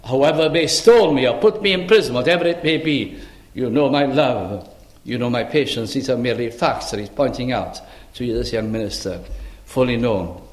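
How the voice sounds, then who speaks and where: A man preaching a sermon, earnest and reflective, dropping to hushed tones to press a point. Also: fairly high pitch. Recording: echoey room.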